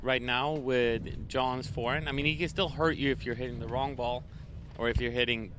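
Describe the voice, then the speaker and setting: A man's voice: medium pitch, fairly even intonation, moderate pace, noisy background. A man from Sweden, a guest player breaking down a matchup analytically, often restarting sentences.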